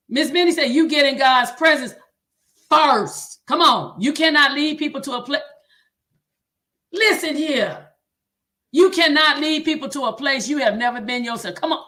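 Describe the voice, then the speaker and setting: A woman with a Southern drawl hosts a livestream for choir directors, her high-pitched voice animated, pushed and bright at a normal pace. She preaches in an exhorting manner, keeps repeating "come on," and reads viewers' comments aloud.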